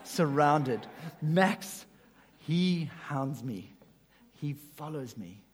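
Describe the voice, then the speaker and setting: A male pastor preaching a sermon, swinging between emphatic loud phrases and soft, hushed lines. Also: a little high, animated, extremely slow, breathy edge. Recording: long reverb of a large hall.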